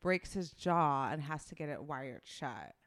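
A woman's voice: deep voice, lively intonation, a little slow. A woman co-hosting a podcast, chatting casually and sarcastically about celebrity gossip, full of "like" fillers. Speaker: podcast co-host.

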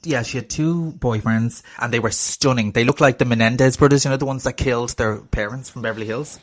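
An Irish man co-hosting a casual chat show. He tells his stories in an animated way, breaks into laughter often, and swears freely. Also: mid-range voice, a little fast. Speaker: podcast co-host.

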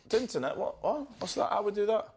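A man co-hosting a podcast, chatting casually, swearing and jumping between quick impressions. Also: sits high, very animated, a little mellow, slightly rough. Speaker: podcast co-host.

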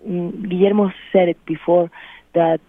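A Spanish-accented woman from Spain speaks English slowly and haltingly, often restarting words. Her voice comes through dry and tinny, like a phone line. She is a guest on a casual radio interview. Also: on the low side, steady tone, no echo.

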